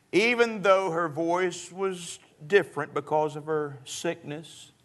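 A man's voice: a little high, fairly bright tone. A man preaching a sermon in a church service, folksy and joking, often chuckling as he talks.

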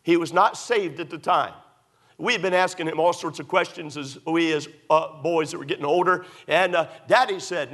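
A man's voice: on the high side, moderate pace, fairly bright tone. A middle-aged man, a pastor, preaching a sermon emphatically, repeating points and using many fillers.

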